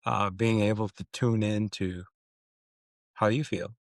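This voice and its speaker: A man with a low voice co-hosts a relaxed podcast chat. He is playful and animated and stretches out words to stress them. The sound is close and dry. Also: dry recording. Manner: animated, playful, drawn-out emphasis. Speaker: podcast co-host. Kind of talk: casual chat.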